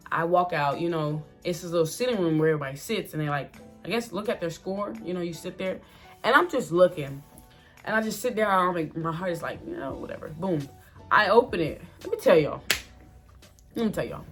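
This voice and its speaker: Chatty young woman telling a story. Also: fairly low pitch. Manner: chatty and expressive, fillers like "like", addresses viewers as y'all. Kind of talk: casual storytime.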